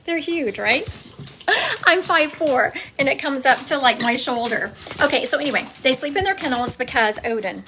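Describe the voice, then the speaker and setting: A woman psychic medium talks through a live-stream reading from home, chatty and wandering into side stories. Her voice sits fairly high, and a faint hiss runs under the phone recording. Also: lively intonation, moderate pace, pushed and bright. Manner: chatty, digressive, jumps between stories.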